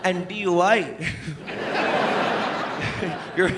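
A man performing a stand-up comedy set with rapid impressions and sudden voice shifts, on a club stage. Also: sits high, steady tone, very noisy. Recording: roomy club mic with loud crowd laughter.

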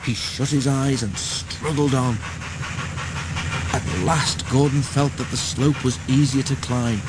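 A man narrating a children's storybook in a steady, measured way. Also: medium pitch, heavy background noise. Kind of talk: storybook read-aloud.

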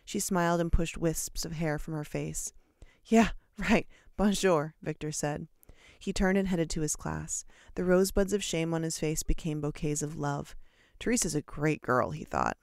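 Gravelly audiobook storyteller. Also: mid-range voice, no echo, clean studio sound. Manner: steady, measured storytelling with small slips. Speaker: audiobook reader. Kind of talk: storybook narration read aloud.

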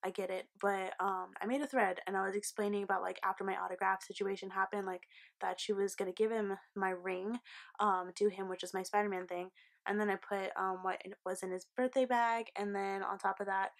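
A young woman vlogger telling an excited, rambling storytime, swearing freely. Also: medium pitch. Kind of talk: casual storytime vlog.

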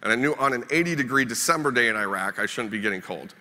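A man's voice: mid-range voice, animated, fast talker, pushed and bright. A man from Minnesota giving a storytelling keynote speech with wry, self-deprecating humor. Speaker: keynote speaker. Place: conference hall. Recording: reverberant conference hall.

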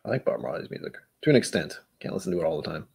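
A man with a fairly low voice hosts a casual chat, and his pitch swings up and down as he talks. He rambles, pokes fun at himself and slips into silly accent bits. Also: expressive, rapid-fire, creaky, a little mellow, breathy edge. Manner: rambling, self-mocking, breaks into joke accents. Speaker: host.

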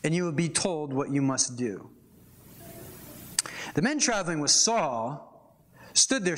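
A young man preaching a casual, animated sermon, reading scripture and adding chatty asides. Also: on the high side. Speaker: pastor.

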